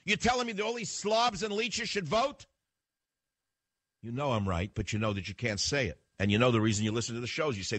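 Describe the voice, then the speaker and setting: A man's voice: fairly high pitch, sing-song, brisk, fairly bright tone, breathy edge, dry recording. An older man hosting a talk radio show, delivering a combative, lecturing monologue straight at the listener.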